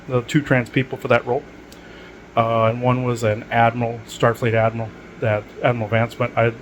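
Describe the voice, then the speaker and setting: A man's voice: mid-range voice, slight background noise, rough recording. A man hosting a podcast, talking in a rambling, digressive way with many fillers. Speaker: podcast host. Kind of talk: rambling casual monologue.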